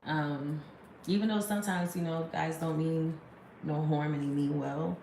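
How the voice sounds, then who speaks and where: A woman's voice: sits low, steady tone, unhurried, gravelly, dark tone, echoey room, a little hiss or hum. A woman in her thirties chatting casually to a phone camera, rambling and laughing often. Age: 30s. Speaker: vlogger.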